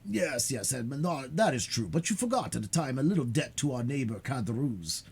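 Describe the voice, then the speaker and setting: A man reading aloud, voicing a frail, gentle old father who talks in a halting, stammering way. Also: mid-range voice, lively intonation, husky. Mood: hesitant. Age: older.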